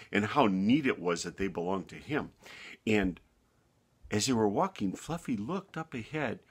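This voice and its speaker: A man narrating a bedtime story in a gentle, unhurried manner with small restarts. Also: mid-range voice, slightly rough.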